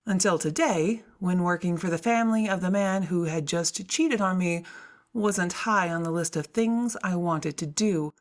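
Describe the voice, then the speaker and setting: A woman's voice: on the low side, moderate pace. A woman narrating a first-person audiobook in a wry, self-mocking storytelling manner.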